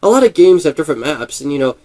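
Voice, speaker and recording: A man talking casually into the mic, his voice sitting a little high. He rambles and thinks out loud, stumbling over fillers and restarting his sentences as he goes. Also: sing-song, fast talker. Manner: chatty, thinking aloud. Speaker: gaming video creator. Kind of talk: casual commentary.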